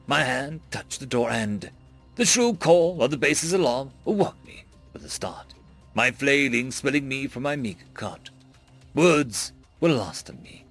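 A man's voice: animated, measured pace, soft background music. A man narrating a dramatic first-person story, raising his voice sharply for panicked lines. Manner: voices characters' panicked shouts with big pitch jumps.

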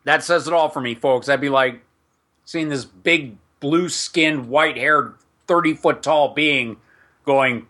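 Man, podcast host, game master, rambling casual chat, bright forceful voice, fairly high pitch. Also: measured pace. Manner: chatty, rambling, with asides to listeners. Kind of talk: casual chat mixed with reading setting text aloud.

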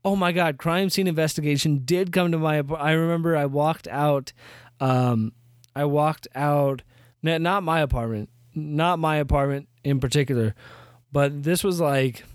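A man's voice: fairly high pitch, a little mellow, smooth, dry recording. A young man hosting his own podcast, telling a story in a rambling casual way, often restarting sentences, with dry sarcasm. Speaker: podcast host.

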